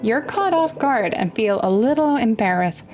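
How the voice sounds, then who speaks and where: A young woman streamer reading a visual novel aloud and reacting softly as it moves her. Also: a little high, expressive, normal speed. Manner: soft, emotional asides. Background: faint music.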